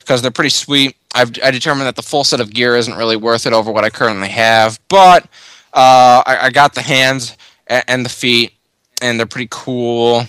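Tipsy bright-voiced male podcast host. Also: medium pitch, moderate pace, clean tone, no echo. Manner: loose, rambling, tipsy. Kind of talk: casual drunk chat.

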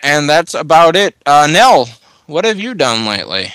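Man, podcast host, tipsy and rambling, bright voice, a bit high, dry close sound. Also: sing-song, normal speed, clean tone, no echo. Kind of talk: casual drunk chat.

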